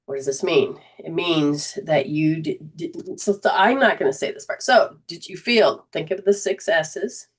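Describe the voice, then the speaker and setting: A woman's voice: sits low, measured pace, few pauses, slightly rough. A woman host of a healing talk show, sharing a personal story in a casual, earnest way with many restarts. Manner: earnest storytelling, quotes others, frequent restarts. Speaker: host, energy healer.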